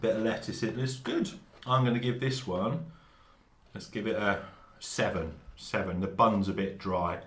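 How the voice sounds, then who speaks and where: A man's voice: on the low side, moderate pace. A man chatting casually on a hobby live stream, joking and eating as he talks, without a lav mic. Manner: chatty, jokey, laughing between bites. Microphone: no lav mic, room mic. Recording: echoey room, faint background noise.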